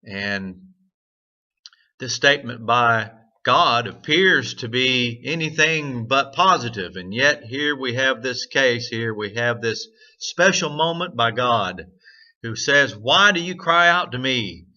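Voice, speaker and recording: A man's voice: medium pitch, animated, takes it slowly, sharp tone. A man hosting a morning devotional, telling a story earnestly with many fillers. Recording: dull lo-fi sound.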